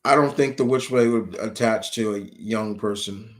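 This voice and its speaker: A man hosting his own channel, chatting casually on a live stream and answering viewer questions. He rambles with many restarts and gets animated when retelling scenes. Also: fairly low pitch, moderate pace.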